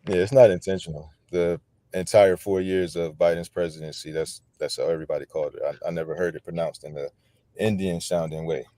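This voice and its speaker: A man's voice: sits low, steady tone, fairly quick, warm tone, dry recording. A man in casual podcast chat, explaining and defending his view, often repeating words as he starts.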